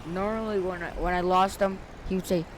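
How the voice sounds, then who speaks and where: A man playing a video game and commenting on it, excitable and frantic, often shouting out in bursts and talking to himself in casual slang. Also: high voice, brisk, a little hiss or hum. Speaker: gaming video creator.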